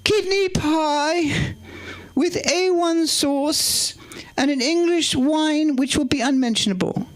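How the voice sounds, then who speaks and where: Guy doing a squeaky stuck-up old queen, way up high, dragging out every word. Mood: haughty. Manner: shrill, drawn-out, mock-posh. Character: prim elderly queen, haughty and regal. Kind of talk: impression in a live stand-up set.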